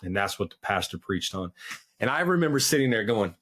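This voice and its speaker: A man's voice: fairly low pitch, big pitch swings, a little fast, fairly bright tone. A man as a podcast guest, telling his personal testimony in an earnest, candid way with plenty of fillers. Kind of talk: personal testimony in casual conversation.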